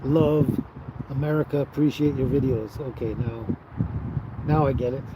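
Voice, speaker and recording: A man in a relaxed, easygoing livestream chat, talking at an ordinary mid pitch and chuckling between thoughts. He is recorded outdoors, with clear traffic and street noise behind his voice. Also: normal speed. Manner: easygoing, chuckles often, trails off with fillers. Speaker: livestream host reading viewer chat. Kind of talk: casual live chat.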